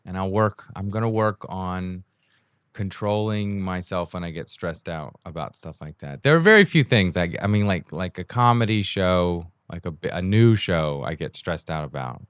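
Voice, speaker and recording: Low-voiced man rambling self-deprecatingly. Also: expressive, normal speed, smooth, no room sound, studio quality. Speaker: podcast host. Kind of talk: casual solo monologue. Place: indoors at home during a rainstorm. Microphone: new home mic.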